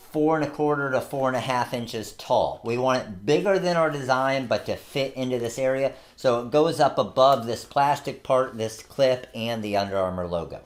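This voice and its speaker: A man in his thirties hosting a casual how-to tutorial, chatting through each step as he works. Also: medium pitch. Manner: chatty, explains each step while working. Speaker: host of a craft supply tutorial channel.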